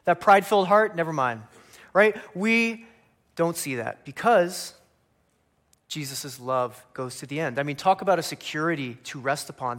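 A male pastor delivering a sermon with an animated, conversational manner. His voice sits a little higher than most men's, and he swings between loud, punchy lines and quiet, drawn-out ones. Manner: animated preaching, acting out humorous voices of biblical figures, tag questions.

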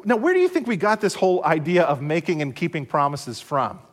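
Male pastor preaching, high voice, slow and deliberate, repeats his points, big reverby hall. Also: very animated. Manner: measured, repeats key phrases, rhetorical questions. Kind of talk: broadcast sermon.

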